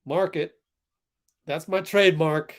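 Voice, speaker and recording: A man's voice: on the high side, fairly even intonation, slow. A young man hosting a live basketball watch-along stream, talking in a heated, exasperated way with frequent laughs and sighs. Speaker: livestream host.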